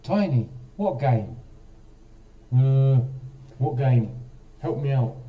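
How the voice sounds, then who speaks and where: A man's voice: medium pitch, lively intonation, slow pace, distant mic, phone-quality sound. A man hosting a casual live stream, chatting straight to viewers and quizzing them, with a self-mocking manner.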